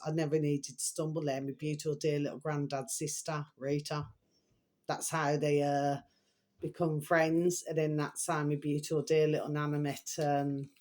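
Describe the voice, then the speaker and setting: A woman's voice: sits low, darkish tone. An older woman, telling a rambling, emotional family story to her camera and repeating fond pet phrases. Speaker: vlogger.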